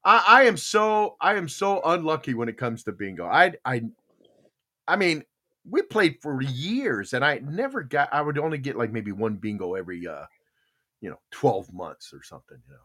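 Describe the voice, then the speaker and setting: An older man, a podcast host, telling a casual story in an animated way and acting out the voices of the people in it. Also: mid-range voice, moderate pace. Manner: animated, acts out quoted voices.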